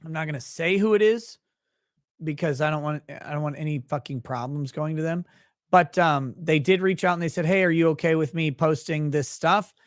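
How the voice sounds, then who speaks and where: Profane, rambling Minnesotan man, slightly high. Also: normal speed, no echo, clean studio sound. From Minnesota, USA. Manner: profane, rambling, laughs often. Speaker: livestream host reading chat. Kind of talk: casual livestream chat.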